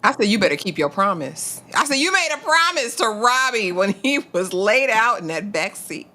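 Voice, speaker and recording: A woman's voice: medium pitch, sing-song, normal speed, sharp tone. A woman co-hosting a casual TV episode review, retelling scenes in a thoughtful way.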